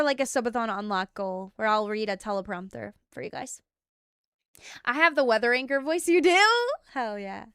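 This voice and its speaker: A woman's voice: fairly high pitch, expressive, moderate pace, smooth, no room sound, clean studio sound. A woman streaming as a VTuber and chatting casually with her viewers, giggly and playfully bossy.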